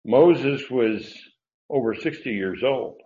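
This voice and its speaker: A man preaching a sermon, teaching from his notes with emphatic pauses and frequent filler words. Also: mid-range voice, animated, dark tone. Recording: dull, echoey room sound.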